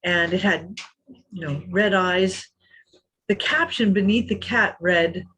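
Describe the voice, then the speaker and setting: Taking it slowly, a woman in her fifties with a lowish voice tells an anecdote as a guest on a podcast. She's a lively storyteller in this interview and acts out the things people said.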